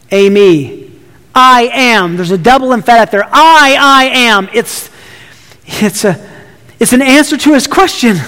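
A man's voice: very high voice, a bit bright, big-room sound. A man preaching a sermon, emphatic, often restarting his words as he builds his points. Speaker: pastor.

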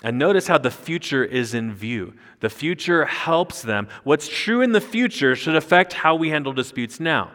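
A man's voice: a little high, big pitch swings, normal speed, few pauses, fairly bright tone. A man preaching an expository sermon as a pastor, explaining a passage and rising sharply when he quotes scripture. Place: church sanctuary. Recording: long hall reverb.

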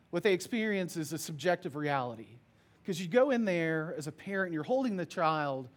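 High-voiced earnest male pastor. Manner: earnest, expressive, storytelling. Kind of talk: sermon with scripture reading.

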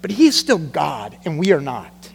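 A man preaches a sermon to his congregation in a high, bright voice. He keeps it animated, slipping into the voices of the people he quotes. The sound rings with the long reverb of a big church hall. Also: moderate pace, vocal fry, a little hiss or hum. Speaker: pastor.

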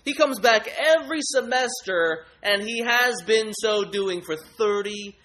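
A preacher playing a haughty grades idol. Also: male voice, sits high, lively intonation, a little slow, pushed and bright, voice pushed up, heavily acted, rough recording. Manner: haughty, boastful. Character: lofty self-important grades idol.

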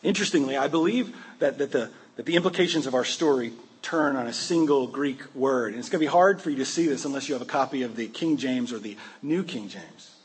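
Male pastor, husky and breathy, storytelling sermon, middle pitch. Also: brisk, few pauses. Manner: vivid storytelling with frequent restarts.

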